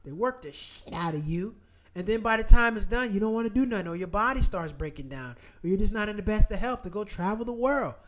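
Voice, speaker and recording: Blunt, emphatic male host, higher pitch, repetitive casual commentary. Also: lively intonation, a little fast, fairly bright tone. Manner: emphatic, repeats phrases, blunt and profane.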